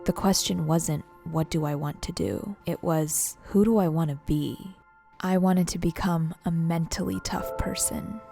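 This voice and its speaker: A young woman speaks a reflective voice-over in a low, mellow register with a gravelly edge. She sounds calm and earnest, and faint music plays underneath. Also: measured pace. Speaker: vlogger narrating her own video.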